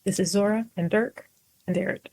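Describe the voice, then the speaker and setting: A woman's voice: mid-range voice, steady tone, moderate pace, a little mellow, breathy edge, rough recording. A woman player speaking in character in a tabletop game, sassy with hesitant fillers.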